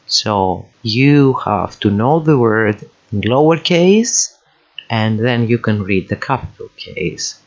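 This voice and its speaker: A man with as his teaching from slides, patient and careful, pronouncing words clearly for the listener to repeat. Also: medium pitch. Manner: slow, patient, enunciates words for repetition. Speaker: language teacher. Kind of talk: recorded slide lesson voice-over. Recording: dull lo-fi voice-over.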